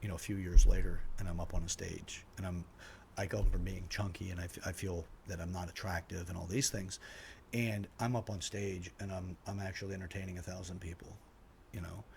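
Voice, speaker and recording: A man in his forties, a podcast host, telling a personal story in an animated way, acting out what people said and laughing at himself. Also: sits low, brisk, gravelly, slight background noise.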